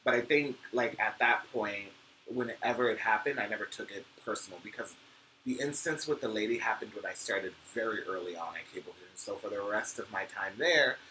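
A man with a soft, sweet voice and a New York accent, co-hosting a podcast in casual chat. He is expressive, swears freely and slips into high playful voices. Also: brisk, slight background noise, rough recording. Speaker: podcast co-host.

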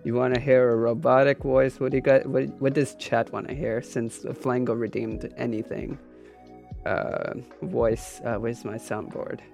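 A man's voice: mid-range voice, flat delivery, measured pace, creaky, darkish tone, soft background music. A man co-hosting a live podcast stream, talking casually and rambling, with many restarts and fillers. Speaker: podcast co-host streaming on Twitch.

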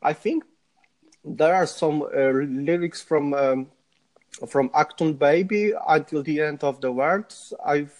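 A man with a Polish accent, a podcast guest telling stories in a halting way with many restarts. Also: a little high, a little mellow. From Poland. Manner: halting, many repeated starts. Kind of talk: casual interview.

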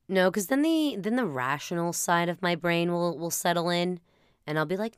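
A woman's voice: lowish voice, lively intonation, moderate pace, clear, resonant tone, no room sound, studio quality. A woman with a New Jersey accent, hosting a podcast and telling rambling, self-mocking comic stories. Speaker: podcast host. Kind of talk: comedic storytelling monologue.

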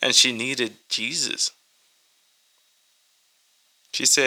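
A man's voice: mid-range voice, steady tone, measured pace, pushed and bright, rough recording. A man reading scripture and preaching in an informal online sermon, emotional and near tears, repeating words and calling listeners "guys.".

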